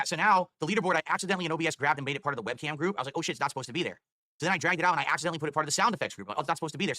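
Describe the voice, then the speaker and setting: A man's voice: on the high side, pushed and bright, dry recording. A man streaming live, rambling in an exasperated way and swearing as he talks. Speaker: livestreamer.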